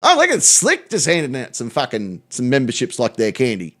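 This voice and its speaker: A man's voice: mid-range voice, wildly swooping pitch, brisk, fairly bright tone. A man with an Australian accent, hosting a channel and reacting to social media posts in a sweary, sarcastic way. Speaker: channel host.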